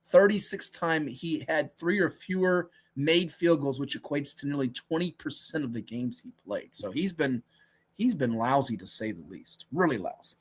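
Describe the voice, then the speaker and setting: A man co-hosting a casual sports talk show, excitable and heavy on stats, often correcting himself. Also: on the high side, normal speed, breathy edge. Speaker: co-host.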